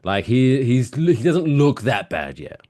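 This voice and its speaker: Animated man with lively pitch. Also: measured pace. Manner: animated storyteller, loud bursts of excitement. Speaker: podcast co-host. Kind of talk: casual chat.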